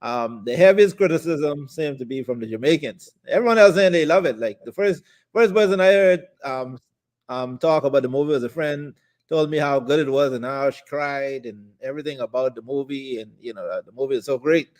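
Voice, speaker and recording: A man's voice: mid-range voice, fairly quick, darkish tone. A man co-hosting a casual talk show, easygoing and chatty, with frequent fillers and laughter. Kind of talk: casual chat.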